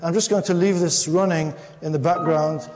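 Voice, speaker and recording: Male lecturer, wry storyteller; high pitch, long lecture-hall reverb. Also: fairly even intonation, normal speed, darkish tone. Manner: wry, storytelling, repeats himself when stressing points. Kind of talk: public lecture.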